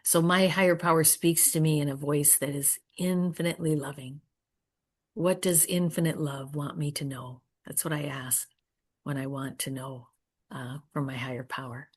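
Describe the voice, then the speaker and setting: A woman speaking at a recovery meeting, earnest and prayerful, often trailing off softly and pausing to search for words. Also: sits low, fairly even intonation, breathy edge. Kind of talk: personal share and Q&A answer.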